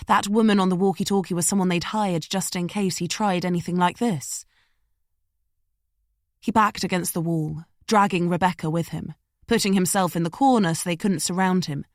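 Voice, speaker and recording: A woman reading a suspense audiobook in steady, tense narration. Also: lowish voice, no room sound, studio quality.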